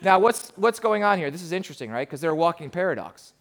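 A man with a high, light voice preaches a sermon. His delivery is emphatic but conversational, the way a pastor talks straight to his congregation. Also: sing-song, fast, fairly bright tone.

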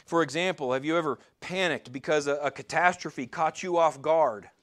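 A man's voice: a little high, moderate pace, fairly bright tone. A man preaching a sermon in a conversational way, asking his listeners rhetorical questions and sometimes stumbling and restarting. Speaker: pastor.

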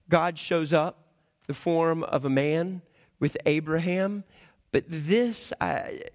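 A man in his thirties delivers a sermon with a high, lifted voice. He tells lively, humorous stories and drops to a hush for his serious points. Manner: animated storytelling with humor; swings between loud and hushed. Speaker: preacher.

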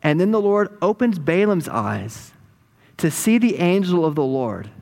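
A man preaches, his voice sitting fairly high as he retells a story with animated energy. His words ring out with a long, trailing reverb from a large hall. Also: unhurried, vocal fry. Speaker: pastor. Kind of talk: sermon.

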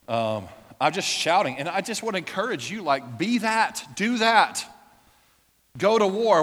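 A man preaching a sermon as a pastor, with impassioned prayer that builds toward shouting. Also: high-pitched, wildly swooping pitch, measured pace, pauses often. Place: church. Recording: long reverb of a church hall.

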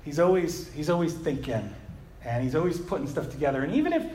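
A man preaching a sermon in an animated, conversational way, often checking in with a rhetorical "right?" and slipping in self-deprecating humor. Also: on the high side, fast talker, a little hiss or hum. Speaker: pastor.

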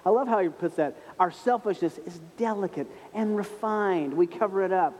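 A man preaching a sermon as pastor, telling a story in a humorous, self-mocking way and slowing down softly on key points. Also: high-pitched, in a large hall. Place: church sanctuary.

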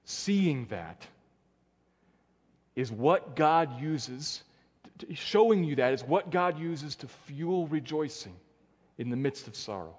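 A man's voice: lively intonation, slow pace, long pauses. Earnest male pastor in echoing hall. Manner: earnest, dropping soft and low for emphasis. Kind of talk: sermon. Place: church sanctuary. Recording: long church hall reverb.

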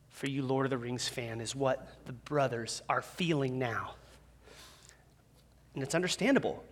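A man preaching a sermon as a pastor in a church, conversational and animated, with self-deprecating humor. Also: on the high side. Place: church sanctuary with a live audience. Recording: long reverb of a large hall.

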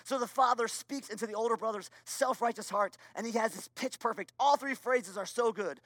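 A man preaching a sermon as a pastor, earnest and emphatic, with repeated phrases and moments of quiet confession. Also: extremely high pitch, brisk, few pauses, no room sound. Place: church.

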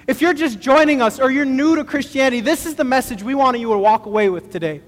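A middle-aged man preaching a sermon as pastor, telling stories in a relaxed, conversational way with self-deprecating humor. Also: very high voice, quick pace, in a large hall.

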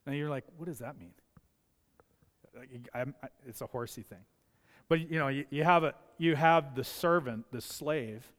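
Older male preacher, smooth resonant voice, fairly high pitch, emphatic repetition, long church reverb. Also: moderate pace, a bit bright. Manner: emphatic, repeats key phrases for effect. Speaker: pastor. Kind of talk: sermon. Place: church sanctuary.

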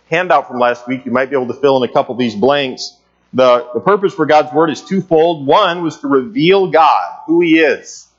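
A man's voice: medium pitch, lo-fi sound. A man teaching a church Bible class in a conversational way, with many filler sounds, asking the class questions. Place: church meeting room.

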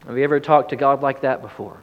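A man's voice: fast talker, dull audio. Preaching man in a reverberant hall. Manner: storytelling, acts out quoted pleas with rising pitch. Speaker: pastor. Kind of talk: sermon. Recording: long reverb of a large hall.

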